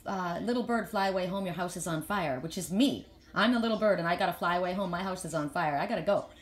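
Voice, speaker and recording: In an echoey room, a woman with a mid-range voice speaks as a spiritual reader and healer in a casual live chat with her followers. She's earnest and rambling, often repeating words as she begins a sentence.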